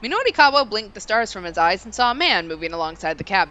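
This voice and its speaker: A woman streamer reading a visual novel aloud, expressive and quick to laugh. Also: mid-range voice. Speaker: streamer, co-host.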